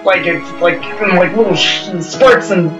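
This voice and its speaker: A man narrating as game master, rambling and excitable with lots of fillers and yelped sound effects. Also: high voice, a little slow, dull audio. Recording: roomy echo from a distance, music behind.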